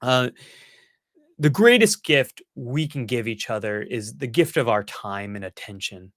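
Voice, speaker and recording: A man hosts a live-stream Q&A, answering viewer questions one after another. His voice is bright and forceful, sits in a middle pitch, and is recorded dry with no room echo. He sounds earnest and encouraging, with self-mocking asides. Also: expressive, measured pace. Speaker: psychologist hosting a live-stream Q&A.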